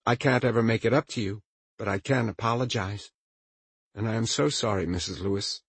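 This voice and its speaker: Audiobook: male narrator doing a furious young woman, higher-pitched, husky, sugary-fake. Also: fairly quick, no room sound. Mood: falsely sweet. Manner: speaks through clenched teeth, then falsely sweet. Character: bitter young woman, furious at her ex-lover.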